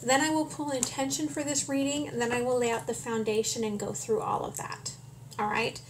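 A woman giving a tarot reading, speaking calmly and often checking in with "okay?". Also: a little high, a little fast, noisy background. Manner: calm, frequent "okay?" check-ins. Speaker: tarot reader.

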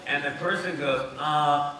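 With a fairly high pitch and measured pace, an actor and writer on a panel spins funny stories, animatedly doing the characters' voices and laughing a lot. The event space holds an audience, and the distant mic catches room echo and background noise.

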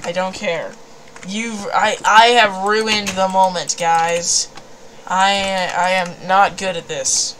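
A woman's voice: medium pitch, steady tone, slow, fairly bright tone, slight background noise, low-quality recording. A woman chatting casually while playing a game, giggly and rambling, often laughing at herself. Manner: giggly, rambling, self-deprecating. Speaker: gamer. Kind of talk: casual gameplay chat.

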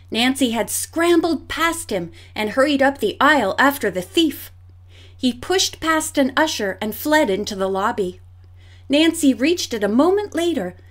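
A woman narrating a mystery audiobook in a clear, measured storytelling voice. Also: high-pitched.

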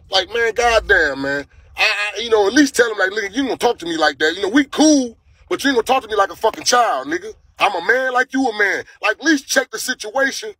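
Animated high-voiced man on livestream. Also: slightly rough. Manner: animated storytelling, heavy profanity, repeats phrases. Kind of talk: casual livestream talk.

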